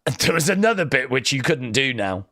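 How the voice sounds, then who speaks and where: A man's voice: mid-range voice, sing-song, a little fast, sharp tone, dry recording, studio quality. A man hosting a wrestling live stream, chatting casually and rambling through fond memories with plenty of fillers. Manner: rambling, reminiscing, with fillers and acted-out quotes.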